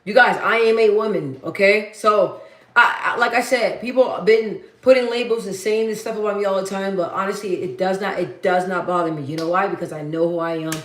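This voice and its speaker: A woman hosts her own livestream in a deep, bassy voice with a mid-range pitch. She talks casually and bluntly, matter-of-fact, circling back over her points for emphasis. The room adds a noticeable echo. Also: a little fast, fairly bright tone. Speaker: livestream host. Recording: roomy echo.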